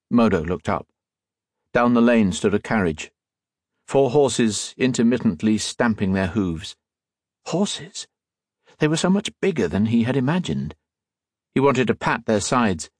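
A male audiobook narrator reads with expressive storytelling. His voice is low and husky with a lively, swinging pitch, recorded close and dry. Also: no room sound. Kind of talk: scripted narration.

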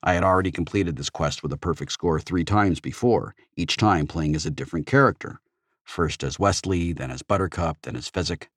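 Audiobook narrator, man, very low voice, steady first-person storytelling, dry booth sound. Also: fairly quick, no echo.

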